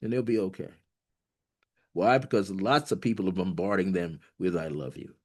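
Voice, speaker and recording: A man's voice: low voice, moderate pace. A man leading a channeling session, relaying messages from spirit beings, laughing often and repeating phrases playfully. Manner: laughs often, warm repetitions, playful corny humor; switches between relayed beings and quoted voices.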